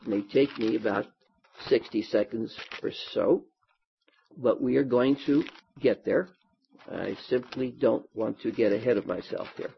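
A man from the United States, teaching a sermon with animated, folksy asides. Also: mid-range voice, a little slow, creaky, a little hiss or hum. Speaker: Bible teacher. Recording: dull lo-fi sound.

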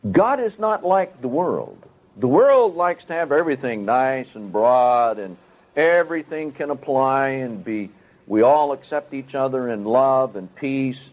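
A man with a mid-range voice preaches a sermon at an unhurried pace, teaching step by step with lively intonation. He stresses key words through emphatic rises and falls in pitch. The audio sounds tinny, like a phone recording.

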